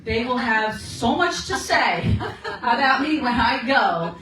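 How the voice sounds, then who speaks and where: This guest speaker at a meeting is a woman in her sixties whose voice runs on the high side, animated yet slow. She laughs often, tells stories chattily and keeps asking "okay?" in a casual, encouraging talk. Recorded from a distance in a very echoey meeting room, it has background noise.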